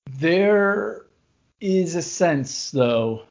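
A man's voice: a little high, lively intonation, very slow, gravelly. A middle-aged man co-hosting a podcast in casual chat, telling self-deprecating stories about his kids. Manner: joking, self-deprecating storyteller. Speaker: podcast co-host. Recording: dull lo-fi podcast audio.

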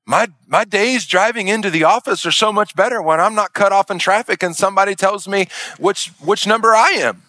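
A middle-aged male pastor delivers a lively sermon in a high, bright voice. He preaches with animation, slipping into acted-out voices that swing up and down. The sound is close and dry. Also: brisk, no room sound.

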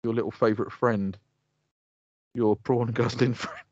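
A man's voice: mid-range voice, fairly even intonation, measured pace, no room sound. A man from the UK co-hosting a podcast, laid-back and teasing in sweary banter. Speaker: podcast co-host. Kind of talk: casual podcast chat. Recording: dry, slightly dull lo-fi audio.

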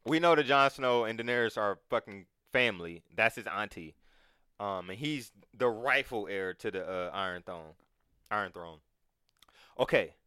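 A man in casual chat, talking in an animated, profane way and acting out quotes. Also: lowish voice, moderate pace, clear, resonant tone, dry recording, studio quality.

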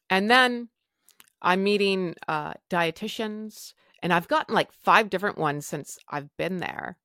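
Blunt, low-voiced woman telling her story. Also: measured pace, bright, forceful tone, dry recording, studio quality. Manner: blunt, swearing, acts out quoted people. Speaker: podcast host. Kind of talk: candid personal storytelling.

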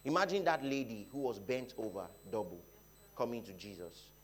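A Nigerian man preaching a sermon, dropping to quiet talk and rising to loud shouts, often repeating his phrases. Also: lowish voice, very animated, moderate pace. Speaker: pastor. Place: church hall.

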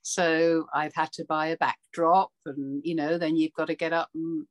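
An actress chatting casually, telling animated stories and acting out what people said. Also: female voice, low voice, moderate pace. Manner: animated storyteller, acts out quotes, laughs often. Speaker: actor. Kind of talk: casual chat.

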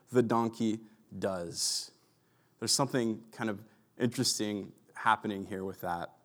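Pastor guy preaching casually, lots of "like" and side stories, regular mid voice. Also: medium pitch. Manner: conversational storytelling with many likes and asides. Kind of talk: sermon.

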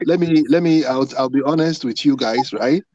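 Team member, male, hesitant, halting delivery, muffled audio. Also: medium pitch, dark tone, no echo. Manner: hesitant, restarts often. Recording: dull lo-fi sound.

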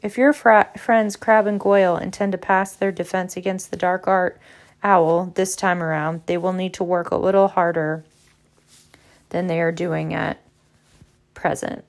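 Woman reading a cold stern male prof, curt and low, bit gravelly. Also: steady tone, measured pace.

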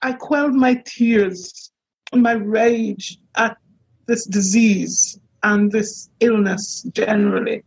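A woman minister giving an earnest, halting personal account, with many pauses and restarts, on a dull lo-fi recording. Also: mid-range voice, steady tone, vocal fry, slightly rough. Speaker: minister and priest. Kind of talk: reflective personal testimony.

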